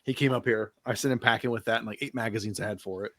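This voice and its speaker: A man's voice: on the low side, fairly even intonation, racing, fairly bright tone, dry recording. Man telling a rambling story, dry sound. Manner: rambling storyteller, laughs easily, casual swearing. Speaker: podcast host. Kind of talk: casual chat.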